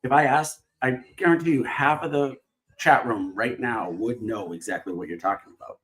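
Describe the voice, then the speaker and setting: A man's voice: medium pitch, moderate pace, fairly bright tone. A man hosting a casual live stream while opening trading cards, rambling with lots of fillers and restarts. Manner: rambling, filler-heavy, self-interrupting.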